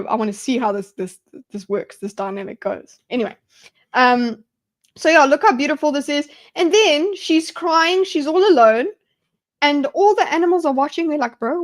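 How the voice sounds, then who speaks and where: High-voiced young woman rambling on a stream. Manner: rambling and enthusiastic, many restarts. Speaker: streamer hosting a live discussion. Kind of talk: casual live-stream commentary.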